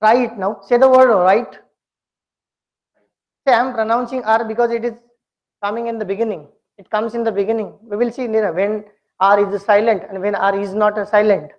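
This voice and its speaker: Teacher type: woman, mid-pitched, deliberate, repeats each word as a model, dull lo-fi lecture audio. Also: level tone. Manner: slow and deliberate, repeats words to model pronunciation. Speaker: English communication skills teacher. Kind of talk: pronunciation lesson.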